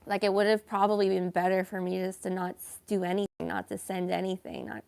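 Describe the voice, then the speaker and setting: A woman telling a personal story in a casual vlog, slow and hesitant, with many fillers and some self-reproach. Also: medium pitch, little pitch movement, vocal fry, a little mellow. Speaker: vlogger.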